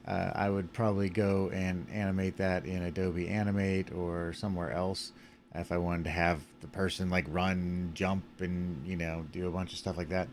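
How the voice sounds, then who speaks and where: Sleepy low gravelly man demoing a puppet. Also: moderate pace, a little hiss or hum. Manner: relaxed and rambling, many fillers, yawning. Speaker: animation puppet creator. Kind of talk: casual screen-recorded tutorial.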